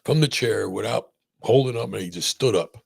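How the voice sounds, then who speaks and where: Gravelly low-voiced male surgeon host. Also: fairly quick. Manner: animated storyteller, many restarts and "right?" checks. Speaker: spine surgeon and podcast host. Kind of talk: casual podcast conversation.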